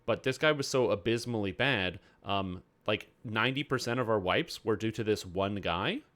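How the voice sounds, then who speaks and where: Male streamer, lowish voice, easygoing filler-heavy storytelling. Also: moderate pace, fairly bright tone. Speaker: game streamer. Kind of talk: casual stream chat.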